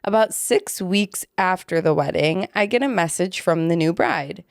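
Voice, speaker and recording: A young adult woman co-hosting a podcast, chatting casually and reading listener stories aloud in a relaxed, offhand way. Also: fairly low pitch, normal speed, gravelly, no echo, studio quality. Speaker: podcast co-host.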